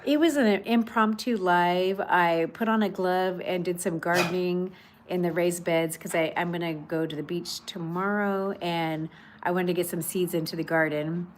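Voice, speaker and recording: On her patio at home, a woman runs a casual livestream, reading out viewer comments between chatty remarks with warm greetings and many fillers. Her fairly low voice is steady at a moderate pace, with a little hiss or hum in the recording.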